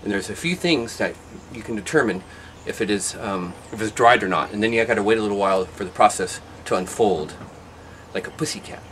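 A man's voice: fairly low pitch, a little fast, a bit bright, slight background noise. A man hosting a how-to show, demonstrating by hand in an indoor workshop with a rambling, joking, self-deprecating manner. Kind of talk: casual hands-on demonstration.

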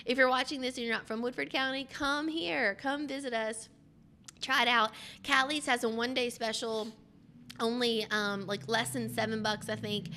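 A woman co-hosts a local show in a casual, upbeat way, promoting events with a bright, fairly high voice. She mixes plugs with easy self-deprecating banter. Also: a little hiss or hum. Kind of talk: casual chat.

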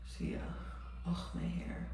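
A young man with a raspy voice, chatting casually to his vlog camera, swearing and dropping to whispers. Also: takes it slowly, warm tone, slight background noise. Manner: frequent "like" fillers, swearing, drops to whispers. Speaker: vlogger.

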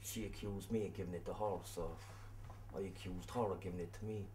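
An actor with a Cork accent playing a hot-tempered young jilted boyfriend who swears constantly. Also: male voice, deep voice, fairly even intonation, fairly quick, dark tone, a little hiss or hum, natural voice. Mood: rueful. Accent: Cork Irish. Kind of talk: film acting.

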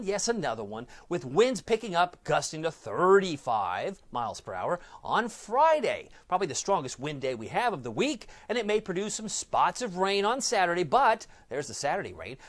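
A man's voice: fairly high pitch, fairly bright tone. A middle-aged man giving a casual weather forecast, with chatty, jokey asides to himself.

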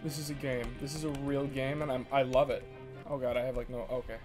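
Excitable young male streamer. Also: mid-range voice. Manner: excitable, laughing, quick reactions. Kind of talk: casual gaming commentary. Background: faint game music.

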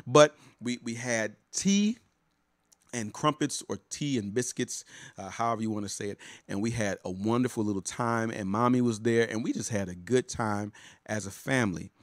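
Talking casually to his live-stream viewers, a pastor and life coach is warm and chatty, greeting people by name while frequently repeating words and restarting. His voice is lowish, at normal speed, in clean studio sound without echo.

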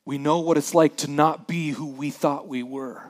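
A pastor preaches from the pulpit at normal speed, his voice a little high for a man. Animated, he reads scripture dramatically and acts out the characters' voices, then goes hushed and soft for somber moments.

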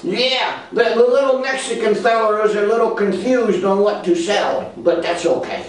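A man voicing George, a cocky, loudmouthed redneck puppet boxer with a high-pitched, brash drawl. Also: moderate pace, natural voice. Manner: boastful and insulting. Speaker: ventriloquist's puppet. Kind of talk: ventriloquist comedy act. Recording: echoey hall from far off.

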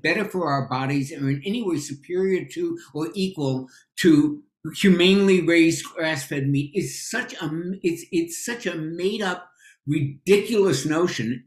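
An opinionated man with a New York accent, speaking a little high for a man. He presses his points with emphasis, and the roomy recording echoes around him. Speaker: podcast guest, nutrition expert. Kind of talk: casual podcast chat.

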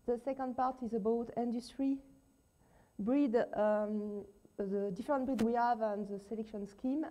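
A woman with a strong French accent gives a conference talk in English, which is not her first language. Her voice sits a little high but sounds mellow and warm. She picks her words slowly and fills the gaps with hesitant little sounds. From France. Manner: slow, careful speech with many fillers and shy laughs. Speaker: visiting research scientist. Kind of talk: conference presentation.

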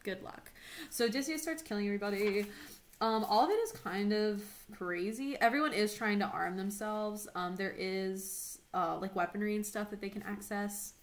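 A woman's voice: medium pitch, normal speed. A woman teacher giving a casual recorded lesson, explaining a text in an informal, chatty way with lots of filler words.

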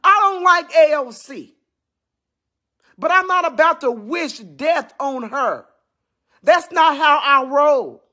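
A man ranting angrily in a video clip, shouting and swearing as he speaks. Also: very high-pitched, expressive, takes it slowly, pauses often. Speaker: Trump supporter in a played clip. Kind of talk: angry rant.

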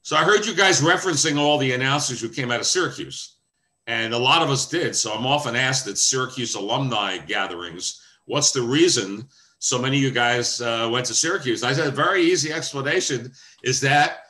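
An older man, a veteran sportscaster, speaks a little fast in a medium-pitched voice. As a guest on a video call, he tells wry anecdotes with animated flair.

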